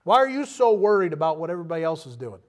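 A man preaching a sermon, animated and emphatic, putting direct questions to his listeners. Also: a little high, rapid-fire. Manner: animated, emphatic, rises to loud bursts.

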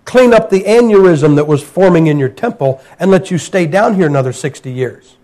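High-voiced preacher telling stories. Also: male voice, darkish tone, rough recording. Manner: folksy storytelling with humor. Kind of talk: sermon. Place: church.

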